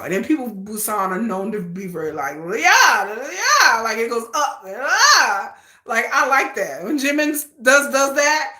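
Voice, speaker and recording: A woman's voice: medium pitch, reverberant. A woman hosting a casual livestream, chatting and laughing often as she talks to her viewers. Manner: chatty, animated, laughs often, addresses chat as y'all. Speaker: livestream host.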